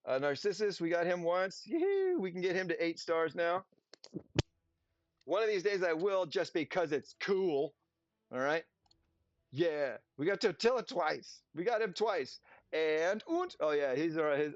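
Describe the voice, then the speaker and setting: A man's voice: fairly high pitch, no echo. Man, game streamer, sarcastic chatty commentary, dry close sound, muffled lo-fi quality. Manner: chatty, sarcastic, jumps between playful silly voices. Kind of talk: casual gameplay commentary. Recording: dull lo-fi audio with music. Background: faint background music.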